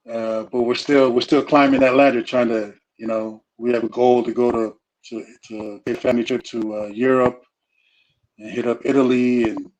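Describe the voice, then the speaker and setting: A man's voice: mid-range voice, poor audio. A middle-aged man in casual conversation, talking loosely with frequent restarts and "you know" fillers. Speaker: guest speaker on family.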